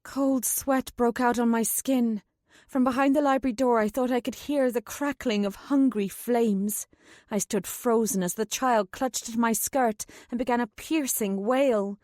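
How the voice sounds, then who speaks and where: A woman's voice: a little high, fairly even intonation, unhurried, a little mellow, no room sound. A woman narrating a first-person fantasy audiobook in a tense, urgent way, close to a studio mic.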